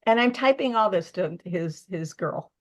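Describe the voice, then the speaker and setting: A woman's voice: mid-range voice, normal speed. An older woman, a medium and author, telling personal stories in a casual interview from her living room, acting out quotes with feeling. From United States. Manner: emotional, animated storytelling with acted-out quotes.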